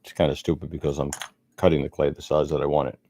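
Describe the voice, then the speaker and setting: Low, gravelly middle-aged man. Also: level tone, quick pace, warm tone, slight background noise. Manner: rambling, chatty, self-deprecating. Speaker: sculptor vlogger. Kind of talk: casual narration while sculpting.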